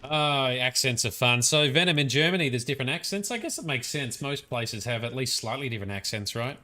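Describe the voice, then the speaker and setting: Australian guy, game streamer, chatty, laughs a lot, bright voice. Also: medium pitch, lively intonation, brisk. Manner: chatty, laughs, thinks aloud. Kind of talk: live-stream gameplay commentary.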